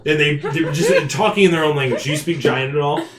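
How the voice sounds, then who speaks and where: A man's voice: fairly high pitch, a little fast, a crowd in the background. A man narrating a tabletop game as game master, often laughing and restarting his sentences. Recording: roomy echo, faint background noise.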